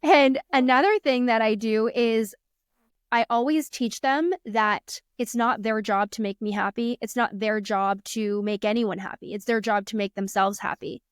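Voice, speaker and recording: Her voice sits fairly high with a steady tone and moderate pace, smooth and captured in a dry, studio-quality recording. She's a coach in her thirties guesting on a podcast, earnestly sharing parenting stories in casual interview talk and acting out her kids' lines.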